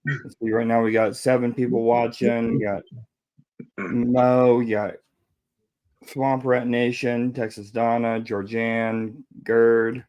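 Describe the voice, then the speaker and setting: A man's voice: mid-range voice, level tone, slow, a little mellow. A man hosting a casual livestream, easygoing as he reads out viewer names. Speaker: stream host.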